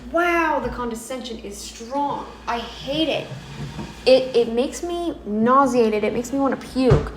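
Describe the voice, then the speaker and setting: Blunt, halting woman reacting on camera. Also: fairly high pitch, lively intonation, slight background noise. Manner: halting, self-correcting, blunt and exasperated. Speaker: reaction commentator. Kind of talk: casual reaction commentary. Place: home, kneeling then seated.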